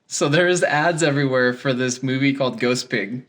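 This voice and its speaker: A man's voice: medium pitch, moderate pace, fairly bright tone. A man co-hosting a casual game podcast, laughing often and retelling game scenes with voices. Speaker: podcast co-host. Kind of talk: casual game review chat.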